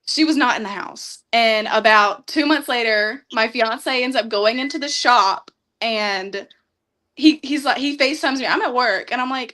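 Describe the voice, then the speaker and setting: A young woman sits in a studio and tells everyday stories with lots of laughter. Her voice is high and bright. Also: moderate pace. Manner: laughing, animated storyteller. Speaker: studio guest. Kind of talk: casual storytelling.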